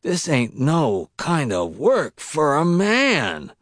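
A man reading the part of a fearful, complaining mill worker who talks in rough, doleful speech. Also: fairly high pitch, huge pitch swings, takes it slowly, fairly bright tone, no room sound, studio quality, pitched above the performer's own voice, full character voice. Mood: miserable.

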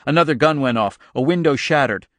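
A man reading a novel aloud as an audiobook narrator, telling the story in a steady, measured way. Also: mid-range voice, no room sound. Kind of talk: scripted narration.

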